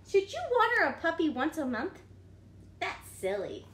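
A woman teacher reading a picture book aloud to children, animated and often asking them questions. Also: high voice, moderate pace. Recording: echoey room.

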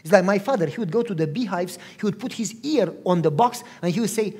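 A man's voice: high voice, fast talker, few pauses, slightly rough. A man preaching a sermon as a pastor, telling stories and putting questions to his listeners. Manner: animated storyteller, asks the audience questions. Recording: long hall reverb.

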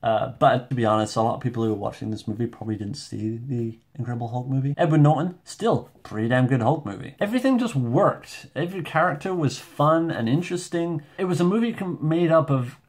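A man reviewing a movie in a casual vlog at home, rambling, excitable and self-deprecating. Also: mid-range voice, a little fast, few pauses. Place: home room with shelves.

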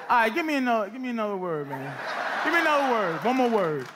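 High-voiced comedian over a roaring club crowd. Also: male voice, fast talker. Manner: loud, animated, jumps into shouted put-on voices. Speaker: stand-up comedian. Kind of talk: stand-up comedy set. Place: comedy club stage before a laughing crowd. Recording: live club recording, loud crowd and noise. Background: audience laughter.

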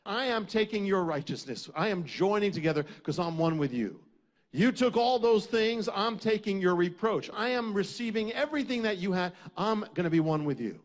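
Male preacher, sermon, high voice, lively swooping delivery, emphatic repetitions.

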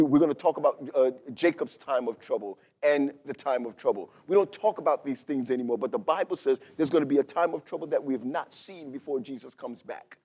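A man in his fifties preaching a sermon as a pastor, talking to the congregation conversationally and swinging from hushed asides to loud, emphatic passages. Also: fairly high pitch, slightly rough. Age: 50s.

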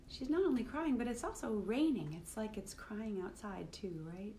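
Animated woman reading a picture book aloud to kids. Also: a little high, normal speed, hardly any pauses, slight background noise. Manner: animated and playful, acting out feelings. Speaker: children's musician hosting a livestream. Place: at home, live streaming.

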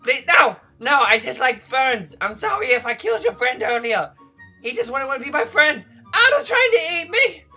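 A man voicing a lonely, needy baby male dinosaur in a game role-play, whiny and begging for friends, breathy and childlike. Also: very high-pitched, very animated, moderate pace, faint music behind, exaggerated voice. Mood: panicked. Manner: whiny, begging for friends, turning to frantic yelling when chased. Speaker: gaming video host.

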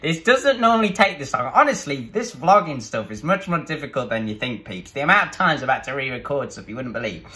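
A man's voice: medium pitch, big pitch swings, brisk, hardly any pauses, sharp tone. A man chatting casually to camera in a vlog about his day, upbeat and rambling with fillers. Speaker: gaming YouTuber vlogging his day.

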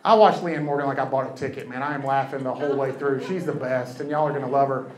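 A man performing a stand-up comedy set on a club stage, telling stories in a quick, conversational way. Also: mid-range voice, steady tone. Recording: echoey club with crowd and noise.

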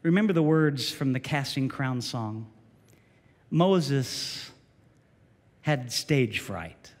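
A male pastor preaching a sermon in a church, emphatic and animated, often repeating short phrases. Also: medium pitch, takes it slowly, big-room sound. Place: church sanctuary.

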